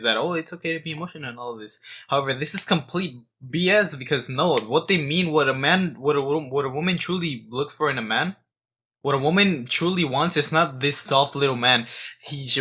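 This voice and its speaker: A man's voice: mid-range voice, sharp tone. A man in his twenties giving a blunt, profane monologue, stumbling over restarts. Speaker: self-improvement vlogger.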